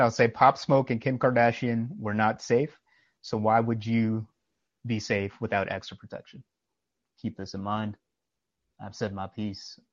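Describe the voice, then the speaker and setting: A man's voice: lowish voice, no echo, highs cut off. A man co-hosting a casual podcast, telling anecdotes with emphatic, preachy conviction. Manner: emphatic, preachy, tells anecdotes with quoted dialogue. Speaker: podcast co-host.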